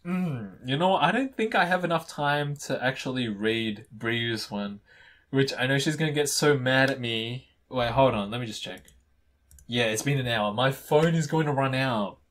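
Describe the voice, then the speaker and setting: A man's voice: medium pitch, animated, moderate pace, fairly bright tone. Giggly young man reading fan fiction. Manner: giggly, gushing, playful. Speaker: YouTuber.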